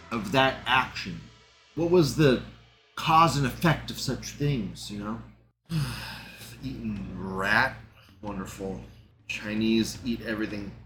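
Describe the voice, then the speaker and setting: A man's voice: mid-range voice, sharp tone. A man hosting a show, reading forum threads aloud and commenting on them in a sarcastic, crude way. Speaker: host.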